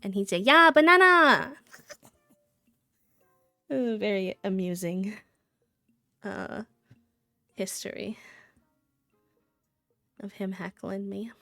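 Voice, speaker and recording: A woman's voice: mid-range voice, fairly even intonation, slow pace, gravelly, long pauses, a little mellow, no echo, soft background music. A woman live streamer chatting casually and playfully with her viewers, breaking into sing-song countdowns.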